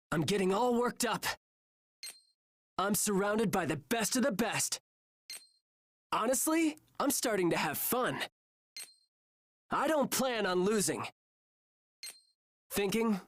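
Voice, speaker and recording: A cheerful young female soldier who hunts monsters alongside her squad in an action game. She cheers her teammates on with short battle calls. She speaks slowly and evenly at an ordinary pitch for a woman. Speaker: game character voice.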